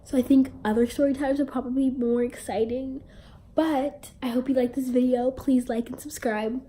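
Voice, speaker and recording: A young woman chatting through a storytime video in a bubbly, rambling way, poking fun at herself as she goes. Her voice sits a little high, with a mellow, soft tone. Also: steady tone, moderate pace. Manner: bubbly, rambling and self-mocking. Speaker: vlogger. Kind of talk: casual storytime.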